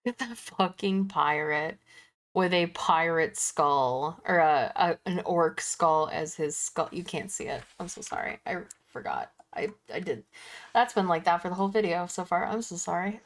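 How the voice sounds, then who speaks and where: A woman streamer in casual chat, joking wryly and apologising offhandedly. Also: lowish voice. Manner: unhurried, wry and joking.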